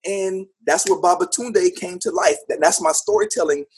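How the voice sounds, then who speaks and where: Upbeat man telling stories, husky. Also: high-pitched, normal speed. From United States. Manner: upbeat, animated, laughs often. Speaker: interview guest, actor and teacher. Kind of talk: casual storytelling interview.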